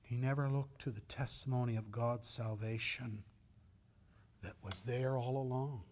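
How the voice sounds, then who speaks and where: Slow, dramatic male pastor preaching. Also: mid-range voice, fairly even intonation. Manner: dramatic swings from loud emphasis to near whispers. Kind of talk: sermon.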